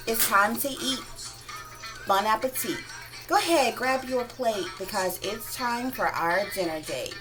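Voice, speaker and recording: A woman hosting a casual cooking video, talking slowly and warmly to her viewers as guys and y'all. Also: on the high side, expressive, music in the background, rough recording. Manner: slow, drawn-out, homey, addresses viewers as guys and y'all. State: talking with mouth full at times. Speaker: cooking vlogger. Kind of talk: casual cooking demo chat.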